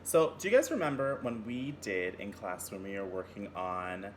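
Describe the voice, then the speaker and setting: A man's voice: on the low side, big pitch swings, normal speed, background noise. A man teaching a children's music lesson, singing examples and cheering the class on. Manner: encouraging, singing examples and call-and-response.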